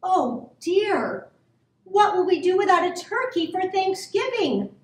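Fretting farm wife in a storybook, voiced by a woman; high, roomy, far from the mic. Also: sing-song, takes it slowly, exaggerated voice. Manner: fussy, worried. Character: fretting farmer's wife, middle-aged. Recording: roomy, from a distance.

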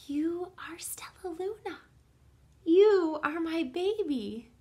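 Woman reading a protective mother bat, soft and tender, storybook read-aloud. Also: medium pitch, expressive, slow. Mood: anxious tender.

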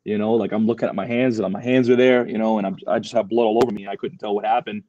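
A man's voice: lowish voice, fairly even intonation, fast, mellow, dull audio, a little hiss or hum. A young man, a Marine veteran, telling his story as a podcast guest, loose and full of fillers and swearing. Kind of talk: casual storytelling interview.

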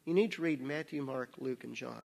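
A man giving a sermon, telling stories with laughter and dropping to a hushed voice for serious parts. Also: mid-range voice, a little fast, creaky. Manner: anecdotal, laughing, drops to hushed tones for serious moments. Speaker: missionary speaker. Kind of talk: sermon with storytelling. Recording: long hall reverb.

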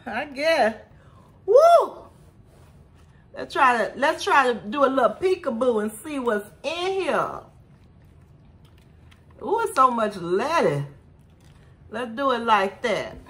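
A woman's voice: fairly high pitch, animated, a little slow, pauses often, a bit bright. A woman chatting to her viewers in a casual eating vlog, talking about her food as she eats. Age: adult with a son. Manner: chatty, keeps addressing viewers as y'all. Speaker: food vlogger.

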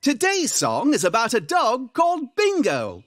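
A woman's voice: on the high side, wildly swooping pitch, unhurried. A woman as cheerful frog leading a sing-along. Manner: upbeat, coaching kids. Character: Mister Frog, cheerful singing frog host. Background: children's music.

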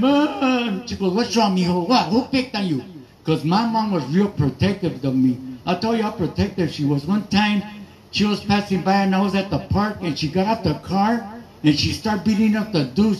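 A man's voice: sits high, poor audio. A man from East Los Angeles, doing a loose, rambling stand-up set with asides to the crowd. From East Los Angeles, USA. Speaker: stand-up comedian and emcee. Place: garage.

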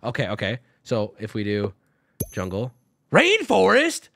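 A man's voice: medium pitch, wildly swooping pitch, measured pace, gravelly. A man streaming a game, talking through each move aloud, swearing and breaking into sudden yelps. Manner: swears often, talks through moves out loud, with sudden yelps. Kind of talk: live-streamed game commentary.

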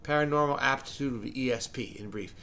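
A man's voice: mid-range voice, fast talker, pushed and bright. A man hosting a crossword-solving channel, thinking aloud in a frenetic, rambling way with lots of mumbled asides. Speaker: crossword solver, channel host.

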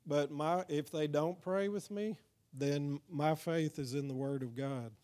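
A Texan man with a fairly high, mellow voice leads evangelism training in a church hall at a measured pace. His delivery is conversational, peppered with frequent calls of "amen?" to the audience.

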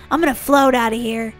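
Bubbly high-voiced woman playing a game. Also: pushed and bright. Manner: bubbly, giggly, silly. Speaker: gaming channel host. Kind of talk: playful let's-play commentary.

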